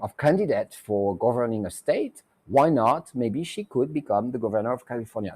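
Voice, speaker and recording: A man's voice: mid-range voice, darkish tone. A man hosting a psychic talk show, chatting loosely through a tarot reading with many fillers and restarts. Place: Mexico.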